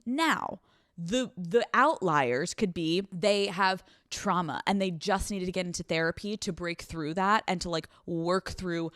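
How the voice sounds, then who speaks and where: A woman's voice: fairly low pitch, a little slow, dry recording, clean studio sound. A young woman hosting an advice podcast, talking bluntly and swearing freely, running on no sleep. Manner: blunt, profane, animated; acts out scenes with quoted voices. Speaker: podcast host.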